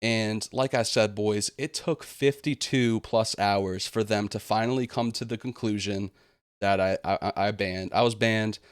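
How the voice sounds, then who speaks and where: A young man with a lowish voice rants straight into the mic, aggrieved and indignant. The sound is close and dry, with no room around it. He often drops into sarcastic put-on quotes of the people he complains about. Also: steady tone, unhurried, clear, resonant tone, dry recording. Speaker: gaming channel host. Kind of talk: ranting vlog monologue.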